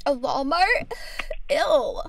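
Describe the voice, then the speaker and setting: A woman's voice: sits high, expressive, drawn-out words, slight background noise, full character voice. A woman voicing a tearful, ditzy valley-girl socialite on a prank phone call, with a drawling valley-girl way of talking. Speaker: prank caller.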